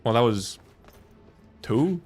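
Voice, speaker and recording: A young man chats his way through a video game in a casual, playful stream voice. His pitch swings widely as he reacts, joking, laughing and swearing as he thinks aloud. Soft game music sits in the background. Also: animated, slow pace. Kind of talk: casual gaming commentary.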